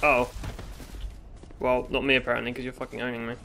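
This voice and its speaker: A man's voice: mid-range voice, gravelly, noisy background. British man swearing through game commentary. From Britain. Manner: swearing, exasperated running commentary with sudden outbursts. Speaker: gaming YouTuber. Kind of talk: let's play commentary.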